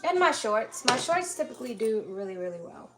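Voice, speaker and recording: A woman's voice: fairly high pitch, very animated, fairly quick. Chatty woman streaming from her kitchen. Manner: chatty, greets viewers by name, laughs often. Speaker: livestream host cooking dinner. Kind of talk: casual live-stream chat while cooking. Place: home kitchen with pots and dishes clattering. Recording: kitchen clatter and household noise in background.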